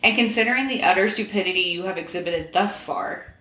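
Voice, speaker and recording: A woman's voice: mid-range voice, brisk, bright, forceful tone, close to an everyday voice. A woman voicing a dry, lecturing young wizard man who keeps his friend in line, in a roomy room.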